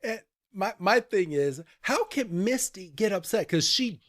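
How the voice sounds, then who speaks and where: A man hosting a podcast, retelling a cartoon episode in an animated, chatty way and laughing often. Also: high-pitched, measured pace, no room sound. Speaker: podcast host. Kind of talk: casual podcast recap.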